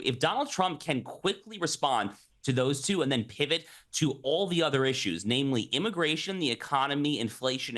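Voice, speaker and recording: A man speaking as a guest commentator in a live news interview, making his case in a rapid, emphatic, argumentative way. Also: mid-range voice, fairly bright tone.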